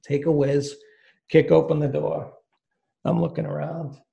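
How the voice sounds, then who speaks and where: A man's voice: fairly high pitch, flat delivery, a little slow, vocal fry, dark tone, highs cut off. A man on a podcast telling a long, rambling, profane story in casual talk. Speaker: podcast guest.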